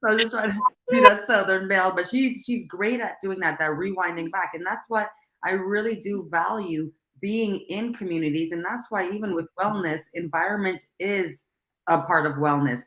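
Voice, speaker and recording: A woman chatting animatedly, her speech coming in quick bursts with frequent restarts. The room around her rings with a noticeable echo, and her pitch sits in a middle range. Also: a bit bright. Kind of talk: casual conversation. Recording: echoey room.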